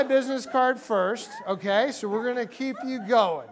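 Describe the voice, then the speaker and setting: A middle-aged man giving an energetic motivational talk to a university group, acting out quotes as he goes. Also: very high-pitched, normal speed. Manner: energetic, animated, acts out quotes. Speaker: guest speaker. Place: university meeting room.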